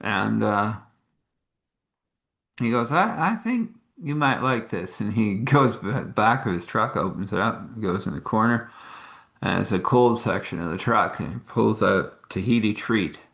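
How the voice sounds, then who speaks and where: A man's voice: lowish voice, a little slow, creaky, fairly bright tone, reverberant. A man telling a meandering improvised story, with laughs and restarts.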